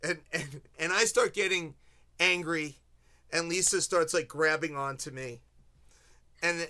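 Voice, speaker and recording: Male host, bright and a bit high, animated anecdote-teller. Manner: animated storyteller, quoting people. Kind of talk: casual chat.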